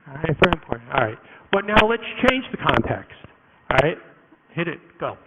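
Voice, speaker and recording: A man giving a live conference talk to an audience, animated and jokey, with quick asides and many restarts. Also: fairly high pitch, background noise. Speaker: conference speaker. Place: conference room before an audience.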